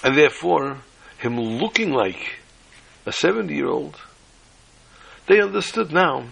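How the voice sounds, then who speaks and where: A man's voice: fairly high pitch, sing-song, unhurried, vocal fry, fairly bright tone, a little hiss or hum, poor audio. A man teaching a sermon-style class on the Haggadah, telling a joke and peppering his talk with Hebrew and Yiddish terms. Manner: storytelling, uses Hebrew and Yiddish terms, restarts often.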